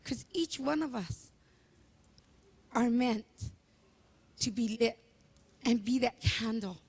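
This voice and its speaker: A woman giving a heartfelt eulogy at a memorial, telling stories with animated emotion. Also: on the high side, takes it slowly, slightly rough. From Hawaii. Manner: emotional, animated storytelling, tearful at moments. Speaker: memorial speaker.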